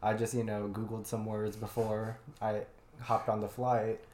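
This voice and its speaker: A man's voice: on the low side, completely flat delivery, unhurried, a little mellow, reverberant, slight background noise. A man in his late twenties co-hosting a podcast in chatty casual talk, laughing often and filling his sentences with "like.". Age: 20s. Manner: chatty, laughs a lot, many "like" fillers. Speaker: podcast co-host. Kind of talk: casual chat.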